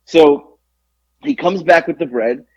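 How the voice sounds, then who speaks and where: A man's voice: slow, highs cut off. A man co-hosting a podcast, telling a story in casual chat and acting out the people in it with big jumps in his voice. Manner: animated storyteller, acts out quotes with big pitch jumps. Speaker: podcast co-host.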